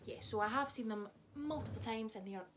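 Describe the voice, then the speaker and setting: A woman's voice: on the high side, a little fast, noisy background. A young woman, chatting casually to camera in a vlog, swearing freely and teasing someone off camera. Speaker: vlogger. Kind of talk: casual chat.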